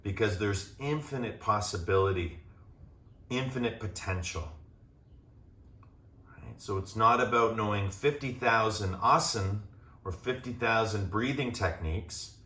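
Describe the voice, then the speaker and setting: A man teaching a gentle yoga class, guiding calmly as he demonstrates the poses and checking in with the class as he goes. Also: lowish voice, unhurried, distant mic. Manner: calm, demonstrating as he talks, checks in with "right?". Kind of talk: guided yoga class instruction. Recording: echoey room, voice off-mic.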